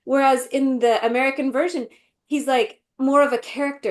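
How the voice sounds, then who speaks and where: A woman co-hosting a podcast in casual chat, animated and full of fillers, often acting out quotes. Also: sits high, brisk. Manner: animated, acts out quotes in voices, many fillers. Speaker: podcast co-host.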